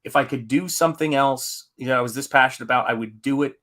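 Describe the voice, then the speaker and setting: A man hosting a casual live stream, with a bright, forward voice. He rambles through viewer comments, full of ums and asides. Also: medium pitch, fast. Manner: rambling, reads chat aloud with fillers.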